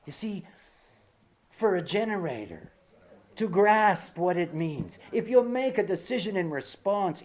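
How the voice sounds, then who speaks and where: This talk comes from a man with a high-pitched, sing-song, darkish voice who speaks a little slowly. He mixes personal stories into an informal lecture, rambling with many fillers and asides and repeating key words to stress them.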